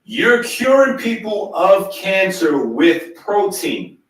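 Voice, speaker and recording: A high-voiced man holds the floor, insisting on being heard and spelling out his points slowly and deliberately. The sound is roomy and echoey, picked up from some distance off the mic. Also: very animated, a bit bright. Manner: insistent, keeps cutting in to demand to be heard; slow, deliberate lecturing. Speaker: host. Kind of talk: heated argument, then lecturing.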